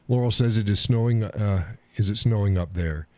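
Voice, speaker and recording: A man's voice: fairly low pitch, moderate pace, mellow, no room sound. A man hosting a casual live stream, joking in a folksy way, reading viewers' comments aloud and laughing often.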